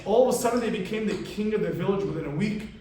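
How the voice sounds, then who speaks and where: A man, a rabbi giving a weekly class, telling a parable as a lively storyteller who acts out the characters. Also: high-pitched, quick pace. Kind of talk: storytelling sermon. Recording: very echoey room, voice from far off, faint noise.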